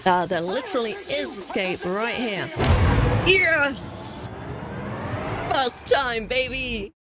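A woman commenting on her gameplay as a let's play host, excitable and jumpy, swearing often. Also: a little high, takes it slowly, loud music behind the voice. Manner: excitable, swears a lot, jumpy and easily scared.

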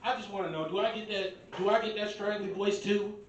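A man in his thirties from Milwaukee works through a stand-up set with a loose, profane, conversational manner. His voice sits high for a man. The recording is echoey and distant, picked up from across a bar. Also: steady tone, fairly quick. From Milwaukee, USA. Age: 30s. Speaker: stand-up comedian. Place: karaoke bar open mic. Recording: roomy bar echo, distant mic.

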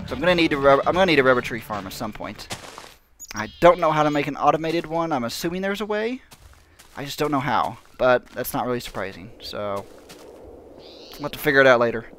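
A man's voice: medium pitch, a little fast, fairly bright tone, slight background noise. A man giving casual, rambling gameplay commentary, mocking himself and laughing often. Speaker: gaming channel host.

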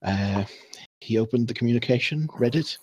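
A man voicing an injured woman who speaks flatly and without emotion in a tabletop game. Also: medium pitch, normal speed, husky, no room sound, natural voice. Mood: flat, dazed. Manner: flat, emotionless storytelling.

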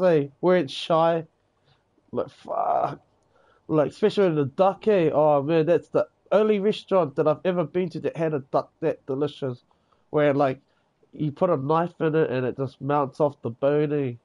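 Rambling New Zealand man, mellow voice. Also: a little high, highs cut off. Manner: rambling, swears freely, peppers talk with "eh" and "bro". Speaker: gamer in voice chat. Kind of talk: casual chat.

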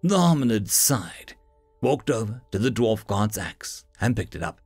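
A man narrating a fantasy story in an expressive, dramatic manner. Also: fairly low pitch, measured pace, breathy edge, no room sound, soft background music.

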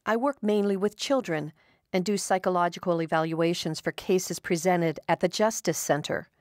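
A woman voicing a calm, kind psychologist who speaks gently and reassuringly. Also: lowish voice, normal speed, no echo, studio quality, lightly acted. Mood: gentle.

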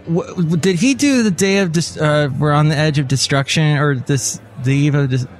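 A man hosting a podcast interview, chatty and quick to go off on tangents. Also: a little high, soft background music. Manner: chatty, eager to share tangents. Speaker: podcast host. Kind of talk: casual interview chat.

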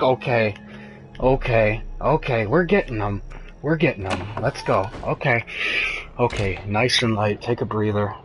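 Young male gamer, slow nervous delivery, profane and jumpy; faint music under him. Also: fairly low pitch. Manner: profane, jumpy, muttering and yelping with fear. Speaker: gamer streaming a horror game. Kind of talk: frightened live gameplay commentary.

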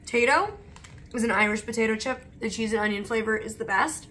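A young woman vlogging as she samples snacks, her voice bright and a touch high. She chats freely and leans on "like" as a filler. A faint hum of room noise sits underneath. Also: brisk. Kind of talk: casual chat while taste-testing snacks.

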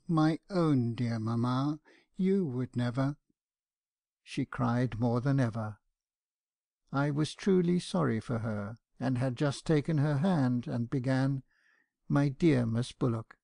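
A man narrating a classic novel for an audiobook in a measured first-person telling. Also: medium pitch, creaky, warm tone, dry recording, studio quality. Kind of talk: scripted narration.

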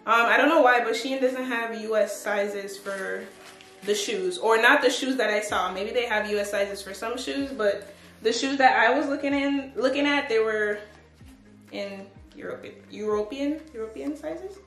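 A woman with a slightly high voice talks through a clothing haul in a loose, chatty way, peppering her sentences with fillers. She is recorded on a tripod camera in a reverberant room, with faint background music under her voice. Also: normal speed, a bit bright. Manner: chatty, upbeat, lots of "like" and "but yeah". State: out of breath. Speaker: fashion vlogger. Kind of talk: casual try-on haul chat.

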